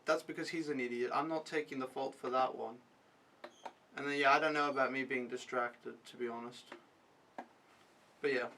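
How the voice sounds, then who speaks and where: A man's voice: a little high, bright, forceful tone, recorded from a distance, poor audio. A young man recapping his week as an au pair in a casual vlog, talking frankly and swearing freely. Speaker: au pair vlogger.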